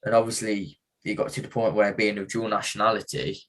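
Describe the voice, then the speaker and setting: A young man from the English Midlands with a husky voice, telling stories as a guest on a casual podcast. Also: lowish voice, a little fast. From England. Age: young adult. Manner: relaxed storytelling with laughs and slang. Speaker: boxer guest.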